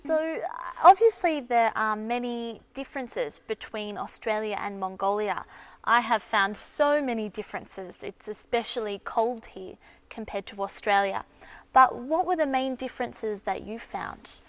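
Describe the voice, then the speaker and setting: A woman interviewer who asks brisk questions and prompts her guest. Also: fairly high pitch, lively intonation.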